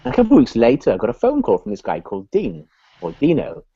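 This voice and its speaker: Male business consultant guest, mellow voice, animated storyteller; dull, dry video-call audio. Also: medium pitch, quick pace, breathy edge, no room sound. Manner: animated, acts out voices in his anecdotes. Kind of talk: storytelling in a live video chat.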